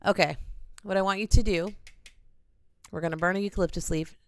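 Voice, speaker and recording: A woman, an oracle card reader, gently and earnestly talking viewers through a ritual in a small home studio in her bedroom. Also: medium pitch, fairly even intonation, brisk, dry recording. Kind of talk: casual guided ritual talk.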